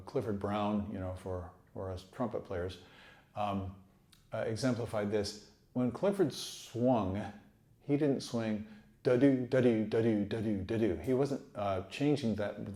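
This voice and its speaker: A man teaching trumpet in a relaxed, encouraging way, sometimes singing rhythms aloud. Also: lowish voice. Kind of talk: relaxed instructional talk. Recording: echoey room.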